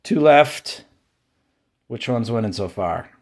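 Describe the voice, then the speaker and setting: A man hosts a card-opening video, calling out each card in an offhand, unhurried way. His voice sits at a middling pitch and his pace is slow and drawn out. He mixes mild complaints with bursts of delight. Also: animated. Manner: offhand, names each card as it turns up, grumbles and cheers by turns. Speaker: card collecting channel host. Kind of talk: casual running commentary while opening card packs.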